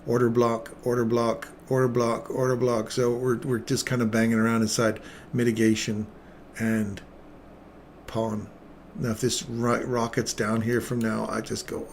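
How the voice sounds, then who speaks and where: Middle-aged male trader, mid-range voice, excitable live commentary with a self-mocking streak. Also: mid-range voice, measured pace, a little hiss or hum.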